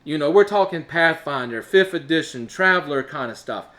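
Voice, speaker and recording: A man's voice: fairly high pitch, animated, moderate pace, fairly bright tone. A man with a stuffed-up nose, hosting his own show in casual, rambling chat full of uhs. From Alabama, US. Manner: rambling, chatty, with filler uhs and laughs. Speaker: show host. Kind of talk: casual solo talk to camera.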